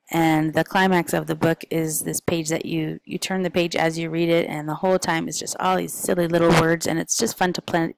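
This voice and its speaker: A woman's voice: deep voice, gravelly, low-quality recording. A woman, a parent, chatting casually and informally through a stack of picture book recommendations, with frequent ums and uhs.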